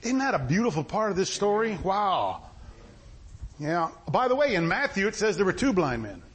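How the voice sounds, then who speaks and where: A man's voice: sits high, big pitch swings, normal speed, husky. A man preaching a sermon in a folksy style, asking his listeners questions again and again. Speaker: pastor.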